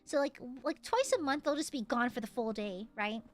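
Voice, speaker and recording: Young woman streamer, high bright voice, chatty, rambling, quick to laugh. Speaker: VTuber streamer. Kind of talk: casual chat.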